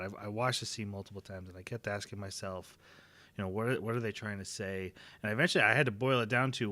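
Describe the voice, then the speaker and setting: A man talks through an anime scene in a relaxed, analytical way, pausing and rephrasing as he goes. His voice is bright and forceful, recorded close and dry with no room sound. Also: lowish voice, no room sound. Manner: thoughtful, restarts phrases while working out ideas. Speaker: anime discussion co-host. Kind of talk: casual analytical discussion.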